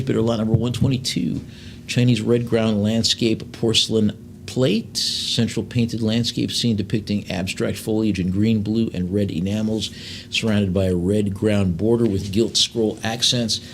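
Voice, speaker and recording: A man working as an auctioneer in a live sale, reading out lot descriptions and then calling bids in quick runs. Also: lowish voice, steady tone, gravelly, slight background noise. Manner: fast bid calls between slower lot descriptions, with fillers.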